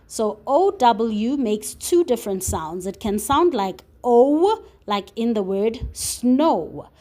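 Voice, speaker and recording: A woman's voice: fairly high pitch, very animated, slow pace, mellow. A woman tutor teaching a phonics and spelling lesson to young children, patiently sounding out letters and words.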